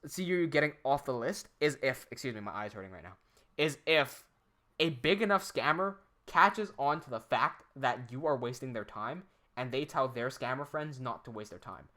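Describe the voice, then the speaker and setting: A young man talking loosely to his live-stream chat, with a bright, forward edge to his voice. He swears freely, laughs easily and lets his energy bounce around. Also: on the high side, normal speed. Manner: animated, profane, laughs often.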